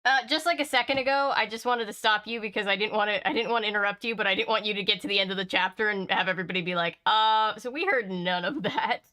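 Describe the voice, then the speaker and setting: A woman's voice: medium pitch, fairly even intonation, rapid-fire, few pauses, sharp tone. A woman hosting a casual live stream, upbeat and giggly as she chats and checks in with viewers. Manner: giggly, upbeat, reads chat aloud. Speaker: stream host.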